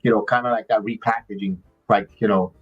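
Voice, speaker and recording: A man's voice: fairly low pitch, steady tone, breathy edge, highs cut off. Rambling man hosting a wrestling watch-along. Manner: rambling, halting, many restarts. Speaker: podcast host. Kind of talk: casual live watch-along chat.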